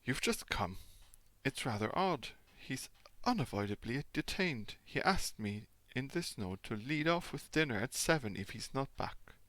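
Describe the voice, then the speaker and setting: A man with a German first language voicing a brisk, urgent Victorian male doctor in a read-aloud novel. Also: mid-range voice, sing-song, fairly bright tone, no room sound.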